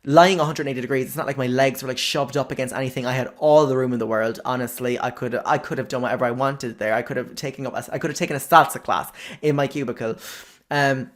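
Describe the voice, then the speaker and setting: A man's voice: mid-range voice, fast talker. Man telling a sweary comic story. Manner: exaggerated, sweary and animated. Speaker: podcast host.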